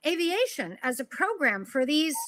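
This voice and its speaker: High, bright woman chatting on a video call. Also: very animated, normal speed, dry recording. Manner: conversational, asks and reads out questions. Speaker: author co-host. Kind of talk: conversational book event on a video call.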